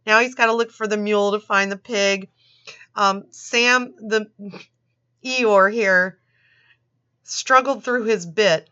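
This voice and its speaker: A woman's voice: mid-range voice, steady tone, takes it slowly, pauses often, pushed and bright, clear, resonant tone. A woman reading a children's storybook aloud with sarcastic, swearing commentary, laughing often. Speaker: channel host reading a storybook. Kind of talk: mocking read-aloud of a children's book with commentary. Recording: dull lo-fi recording.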